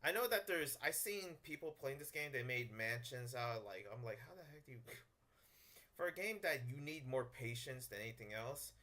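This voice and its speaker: A man's voice: medium pitch, animated, moderate pace, sharp tone. A man hosting a casual gameplay video, talking in a jokey, rambling way and chuckling between phrases. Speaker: gaming video host.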